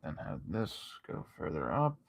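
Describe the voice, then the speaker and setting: A man chatting casually with his viewers while he draws late at night, sleepy and yawning, swearing freely, talking to chat between long pauses. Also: very deep voice, very animated, no room sound. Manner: laid-back, swears a lot, talks to chat between pauses. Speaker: art streamer.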